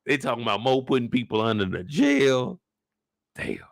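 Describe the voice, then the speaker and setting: A man hosting a casual, joking recap of a TV episode, animated and profane. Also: mid-range voice, moderate pace, vocal fry, dry recording, clean studio sound. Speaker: YouTube show recap host. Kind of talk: casual comedic commentary.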